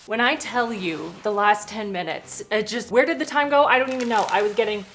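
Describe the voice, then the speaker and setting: Chatty excitable woman cooking on camera. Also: medium pitch, fairly quick, slight background noise. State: out of breath. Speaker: cooking vlogger. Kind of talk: casual cooking vlog.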